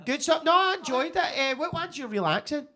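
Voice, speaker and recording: A man's voice: very high-pitched, lively intonation, a little fast, pushed and bright. A Scottish man hosting a live comedy night, easygoing and chatty, laughing with the performers on stage in a basement club.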